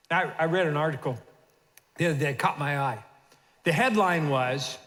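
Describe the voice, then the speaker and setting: A man's voice: a little high, moderate pace, pauses often, a bit bright. A man in his sixties preaching a sermon and urging the congregation to repeat phrases after him. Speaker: pastor. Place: church sanctuary. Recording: long reverb of a church hall.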